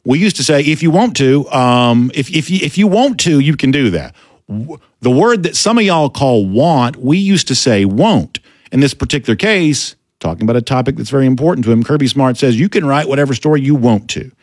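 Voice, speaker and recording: Georgia-accented male host, emphatic opinion commentary, very animated delivery. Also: mid-range voice, no echo, clean studio sound. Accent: Georgia Southern US. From Gainesville, Georgia. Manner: emphatic, drawn-out words for stress. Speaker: sports show host.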